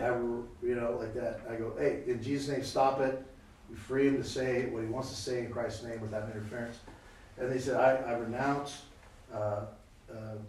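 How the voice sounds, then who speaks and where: A man's voice: medium pitch, a little hiss or hum. A man telling a story in a sermon about prayer, acting out the voices of the people in it. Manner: animated, acts out voices in anecdotes. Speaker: preacher. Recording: echoey room from far off.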